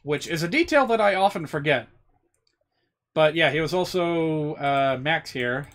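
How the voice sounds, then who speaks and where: A man streaming a video game, chatting in an excitable, rambling way with lots of asides. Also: a little high, a little slow. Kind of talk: casual gaming commentary.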